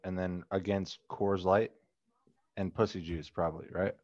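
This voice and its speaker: A man's voice: sits low, flat delivery, normal speed, darkish tone, no echo. A drunk man joining a podcast remotely, loose and interrupting in crude banter over a dull call line. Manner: loose, interrupting, laughing often.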